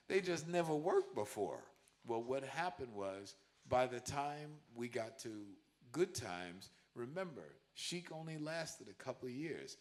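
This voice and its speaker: A man telling lively, profane stories to an audience in a concert hall, humming bass lines and shouting out quoted lines. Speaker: guest musician telling stories at a masterclass. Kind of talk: animated storytelling to a live audience.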